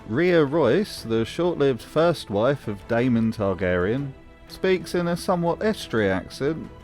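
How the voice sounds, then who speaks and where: A man talks through a scripted commentary with dry, mocking humor. His pitch bounces around a lot as he speaks. Soft music plays beneath him. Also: lively intonation, measured pace. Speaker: host.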